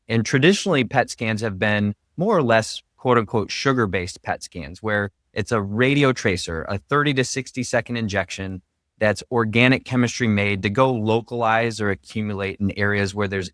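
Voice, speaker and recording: A man's voice: lowish voice, fairly bright tone, no room sound, clean studio sound. A man, a radiation oncologist, explaining his work in an earnest, step-by-step way as a podcast guest. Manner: earnest, explanatory, heavy on "really" fillers. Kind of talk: interview podcast conversation.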